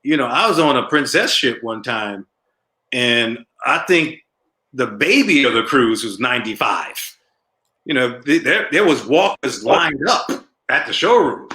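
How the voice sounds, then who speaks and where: A middle-aged male comedian tells stories in a casual interview, animated and laughing at his own jokes. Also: medium pitch, measured pace. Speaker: comedian guest. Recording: roomy echo.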